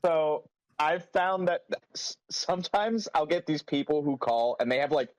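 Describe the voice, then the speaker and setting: A man's voice: fairly high pitch, lively intonation, measured pace, no room sound, low-quality recording. Wry man with a dry voice. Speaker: tabletop game player. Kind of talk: casual pre-game banter.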